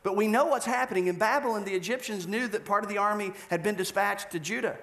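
A male pastor preaching a sermon, telling a story with animated delivery and acted-out scenes. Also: high voice, fast.

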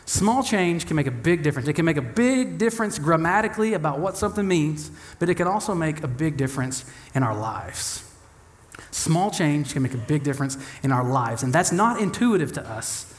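A young adult man preaching a sermon in an animated, humorous way, acting out the voices of the people he quotes. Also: fairly high pitch, normal speed. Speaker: pastor.

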